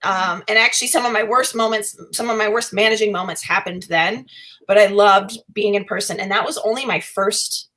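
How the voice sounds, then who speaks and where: Rambling woman guest with quick laughs. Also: mid-range voice, fairly bright tone, rough recording. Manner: rambling, laughs often, talks in circles. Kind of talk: casual podcast chat.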